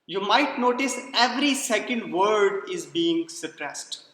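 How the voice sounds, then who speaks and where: A man's voice: high-pitched, lively intonation, takes it slowly, a bit bright. A man giving a lecture, explaining step by step and posing questions to the class before answering them himself. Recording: echoey roomy hall sound.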